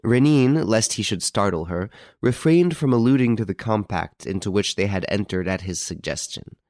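A male narrator reads a classic story in a measured, even manner. His voice sits fairly low, and the recording is dry and close with no room sound. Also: no echo. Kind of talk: scripted audiobook narration.

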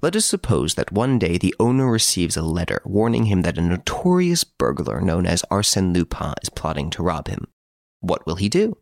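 This is a suave gentleman thief, relaxed in his cell and amused by everyone around him, as a man puts him on. He teases and brags in a voice that leaps up and down, with some gravel under it. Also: deep voice, normal speed, dry recording, studio quality, exaggerated voice. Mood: mocking, playful. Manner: playful, teasing, boastful. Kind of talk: audiobook character reading.

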